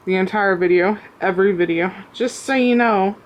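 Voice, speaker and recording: A woman showing off a craft piece she made, talking out of breath, with many pauses and ums, recorded on a camera on a tripod at home. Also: medium pitch. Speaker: crafter showing her work. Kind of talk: casual show-and-tell.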